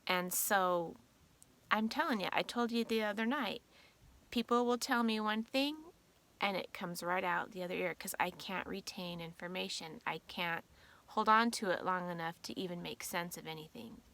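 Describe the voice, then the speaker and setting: A woman's voice: on the low side, normal speed, a bit bright. A woman vlogger in casual, chatty talk to her viewers, giggling through her stories. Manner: chatty, drawling, giggly asides. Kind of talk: casual chat.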